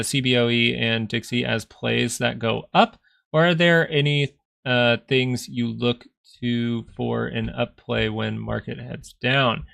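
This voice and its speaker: A man's voice: mid-range voice, gravelly, fairly bright tone, no room sound, studio quality. A man hosting a casual stock market live stream, playful and joking as he answers viewer questions. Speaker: stock market livestream host. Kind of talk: casual live-stream chat about trading.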